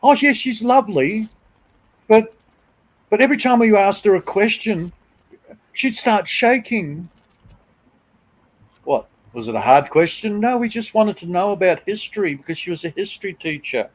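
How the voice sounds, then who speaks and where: Middle-aged aussie bloke on a live stream, kinda high voice, crude and blunt, mocks people. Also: male voice, animated, normal speed, long pauses, poor audio. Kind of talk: casual chat.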